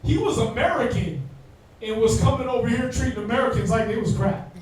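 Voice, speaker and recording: Brief: high-pitched male Bible class teacher, slangy and joking, miked from far off in a very echoey room. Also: brisk, a little mellow.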